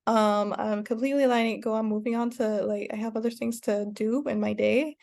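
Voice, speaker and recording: A woman teaching an online course in a casual, rambling way, with many fillers and restarts and sudden bursts of excited cheering. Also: fairly high pitch, fairly quick, vocal fry. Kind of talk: casual spoken lesson.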